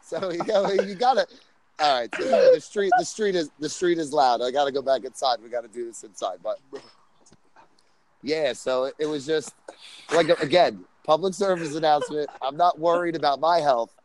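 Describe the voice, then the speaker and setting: This storyteller on a group call stands on a loud street outside a bar, spinning a crude, profane, meandering tale. His voice is on the high side, sing-song and darkish, at a moderate pace, with slight background noise on a low-quality recording. "Right?" and "you know what I'm saying" come up constantly.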